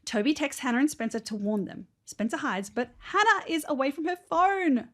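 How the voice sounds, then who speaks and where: A woman's voice: sits high, sing-song, moderate pace. A young woman co-hosting a casual podcast, reading a recap aloud in a playful way, laughing often and dropping into a whisper now and then. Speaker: podcast co-host.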